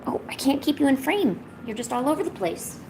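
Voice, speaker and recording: A woman's voice: high voice, very animated, brisk, noisy background. A woman live-streaming from home, chatting casually with viewers and cooing baby talk to her cat. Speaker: art streamer.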